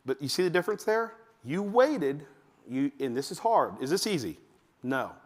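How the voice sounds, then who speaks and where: A man giving a talk to fathers at church, telling family stories and acting out his kids in a high voice. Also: normal speed. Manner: animated storytelling, acts out his kids in a high voice. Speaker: men's ministry speaker. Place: church hall. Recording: long hall reverb.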